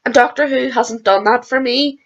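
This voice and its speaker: A hoarse woman rambling excitedly in a casual reaction vlog, swearing freely and going off on tangents. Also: fairly high pitch, normal speed, lo-fi sound. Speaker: video creator reacting to a TV episode.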